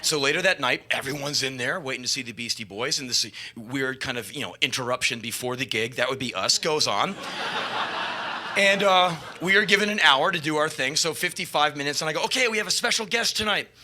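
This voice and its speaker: A man telling a live spoken-word story on stage into a stage microphone, animated and swearing, jumping to shouts at the peaks. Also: medium pitch, fairly quick.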